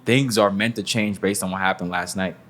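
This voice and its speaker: A man's voice: low voice, fairly even intonation, a little fast, a bit bright, a little hiss or hum. A man talking casually as an interview guest, loose and profane, with lots of "like" and "you know.". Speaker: music industry guest.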